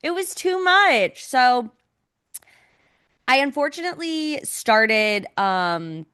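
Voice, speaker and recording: A woman's voice: high voice, lively intonation, slow, sharp tone, clear, resonant tone. A young woman co-hosting a casual podcast, talking in an emotional, dramatic way and swearing freely. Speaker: podcast co-host. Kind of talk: casual chat.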